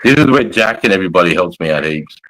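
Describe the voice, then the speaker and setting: Deep-voiced, sweary Australian man. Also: lively intonation, fast, a bit bright, slight background noise, low-quality recording. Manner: blunt, heavy swearing, matey. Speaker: livestream host, army veteran. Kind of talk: casual livestream chat, reading comments.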